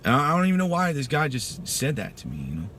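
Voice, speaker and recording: A man's voice: a little high, huge pitch swings, fast, a bit bright, a little hiss or hum. A man in his thirties, a military veteran, telling his story in a casual, emphatic way and saying "dude" often. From Texas. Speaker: veteran giving a testimony. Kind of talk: personal storytelling.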